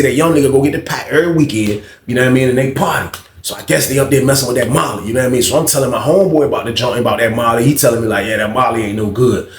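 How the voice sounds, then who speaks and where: Laid-back man spinning a street story. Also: mid-range voice. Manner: street slang, keeps asking "you know what I mean". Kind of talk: casual storytelling. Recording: roomy echo.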